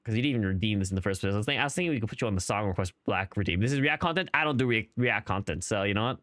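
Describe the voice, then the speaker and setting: A man's voice: on the low side, animated, very fast, a bit bright, dry recording, studio quality. A man streaming a game who rambles through casual commentary, questioning himself and restarting his sentences often. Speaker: gaming streamer.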